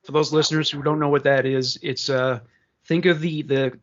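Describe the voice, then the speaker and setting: A man's voice: on the high side, steady tone, moderate pace. A man from Canada co-hosting a casual podcast, sarcastic and crude, reading out news stories. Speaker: podcast co-host. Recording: slightly dull lo-fi sound.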